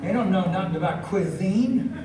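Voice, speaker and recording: Man, very high voice, slow drawn-out comedy delivery, echoey room, heard from a distance, background noise. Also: lively intonation. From United States. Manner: drawn-out, emphatic delivery, bursts of shouting. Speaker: stand-up comedian. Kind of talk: live stand-up routine. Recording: echoey venue, mic from a distance, ambient noise.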